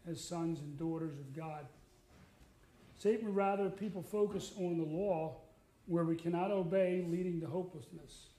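A man's voice: sits high, dark tone. A middle-aged man preaching a sermon in a conversational way, with fillers and restarts. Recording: echoey room.

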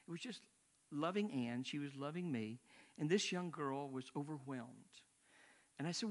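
A man's voice: sits high, sing-song, normal speed, a bit bright. An older man, a missionary, preaching a sermon in a conversational, rambling way with asides.

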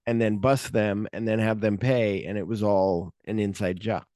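A man's voice: on the low side, steady tone, moderate pace, mellow, no room sound, clean studio sound. A man co-hosting a casual film podcast, rambling and searching for names with lots of fillers. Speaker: podcast co-host.

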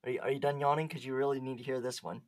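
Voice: medium pitch, fairly even intonation, very fast. A podcast co-host in casual chat, giggling often and reading chat logs aloud with lots of "um" and "like".

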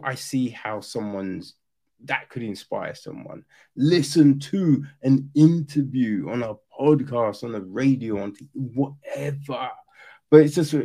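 A man giving a casual, animated critique of a film, swearing now and then and acting out quoted lines. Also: a little high, breathy edge. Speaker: reviewer.

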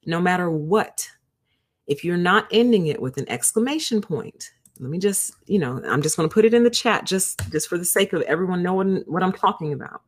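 A woman's voice: lowish voice, animated, fairly quick, husky. A woman hosting a book review livestream, chatting casually and talking straight to her viewers. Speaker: host of a book review show.

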